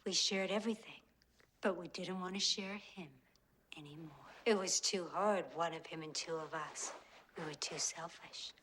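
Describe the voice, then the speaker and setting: An actress playing a creepy, soft-spoken young woman who has killed with her twin, speaking quietly and coldly in a TV drama. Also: lowish voice, moderate pace, slight background noise, close to an everyday voice. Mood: cold hushed. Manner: quiet, cold and hushed.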